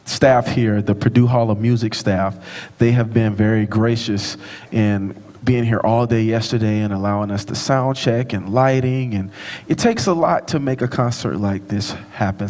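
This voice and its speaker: A man who directs a choir, thanking people from the stage in an informal, direct way. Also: mid-range voice. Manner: warm, informal, addresses audience directly. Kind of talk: concert thank-you speech. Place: large concert hall with audience. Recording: long hall reverb, audience sounds.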